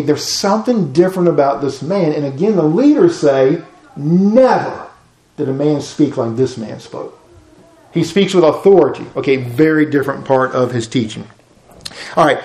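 A man's voice: on the high side, dark tone, reverberant. A man, giving an informal sermon to a class and acting out Bible dialogue in folksy voices. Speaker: pastor teaching a class.

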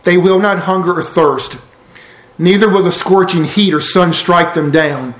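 Male preacher, earnest sermon delivery with soft low passages, slightly high voice, echoey room. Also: a little slow. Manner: earnest, rises for emphasis then drops low and soft. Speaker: pastor.

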